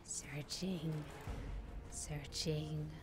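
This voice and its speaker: A woman's voice: deep voice, fairly even intonation, very slow, over music, voice pushed down. A woman voicing a greedy little goblin who hisses and whispers over shiny loot. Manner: whispery, hissing over treasure.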